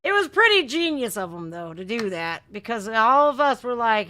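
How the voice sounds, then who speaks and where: Brash, excitable woman streamer. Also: on the high side, moderate pace, few pauses, noisy background. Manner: loud, brash and excitable, shouting and laughing. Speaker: streamer reacting to music videos. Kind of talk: live-stream reaction chat.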